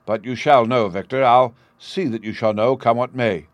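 A man's voice: mid-range voice, steady tone, moderate pace, no room sound, dull audio, natural voice. A man voicing an anxious old father who pleads with his son. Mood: pleading.

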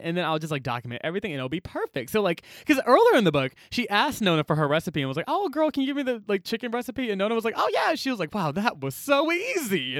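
Fast, lively man on a book podcast. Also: sits high, dry recording, clean studio sound. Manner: animated retelling, acts out characters' lines, heavy use of "like". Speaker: podcast co-host. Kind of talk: casual book discussion.

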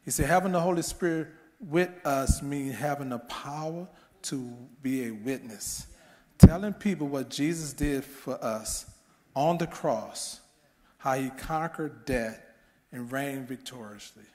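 A man's voice: medium pitch, unhurried, darkish tone. Middle-aged man preaching in a reverberant hall. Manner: preaching with rising fervor and rhetorical questions. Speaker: pastor. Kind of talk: sermon.

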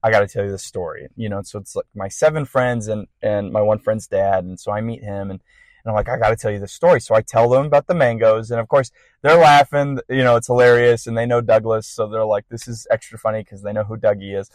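A young man hosting a podcast, telling a personal faith testimony in a casual, rambling way with bursts of excitement. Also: lowish voice, quick pace, dry recording, poor audio. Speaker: podcast host.

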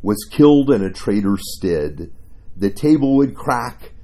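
A majestic, calm male lion, voiced by a man reading aloud in a grave, measured tone. The voice is low, warm and slightly husky, with slow pacing. It is heard as a storybook reading within a sermon. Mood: solemn.

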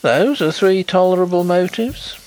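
A man voicing a brisk, sceptical English gentleman investigator who speaks in an animated, emphatic way. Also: high voice, soft background music, voice pushed up.

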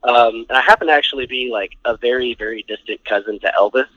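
A man's voice: mid-range voice, fast, sharp tone, no room sound, lo-fi sound. A man, a band frontman and producer, chatting casually as a podcast guest, rambling with many fillers. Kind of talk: casual storytelling interview.

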